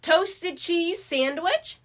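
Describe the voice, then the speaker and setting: Woman voicing a gentle, friendly ghost. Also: very high-pitched, drawn-out words, heavily acted. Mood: kind. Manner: gentle, welcoming. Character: kind lonely male ghost.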